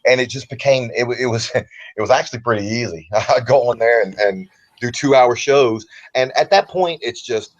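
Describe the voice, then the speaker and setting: A man with a baritone voice and a light Southern American accent, a guest talking in a relaxed, rambling way over a remote call. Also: moderate pace, lo-fi sound. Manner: relaxed, rambling, comfortable speaker. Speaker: interview guest. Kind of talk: casual interview talk.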